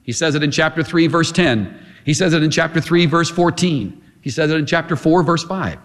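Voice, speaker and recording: A man preaching a sermon, impassioned and emphatic, with repeated staccato phrases and swings between quiet low passages and high forceful ones. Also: normal speed. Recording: long hall reverb.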